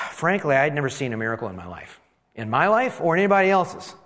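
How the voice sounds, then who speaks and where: Guy acting out an old priest in a first-person sermon, bit high voice, pitch jumps all over, wry and exclaiming. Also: quick pace, long reverb tail. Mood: rueful. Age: older. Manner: animated, exclaiming, self-deprecating asides. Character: elderly male priest, amazed and rueful.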